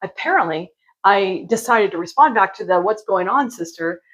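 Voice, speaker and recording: A woman's voice: mid-range voice, animated, moderate pace, a bit bright, rough recording. A woman in her forties casually telling a story to camera, chatty and exasperated, acting out what others said. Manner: chatty and exasperated, acts out quoted lines; sips wine while talking. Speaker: vlogger.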